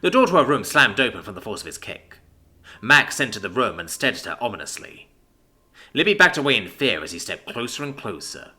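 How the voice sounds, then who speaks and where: A man's voice: on the low side, sing-song, brisk, pushed and bright. A man narrating a fiction story in a dramatic way, giving each character their own acted voice.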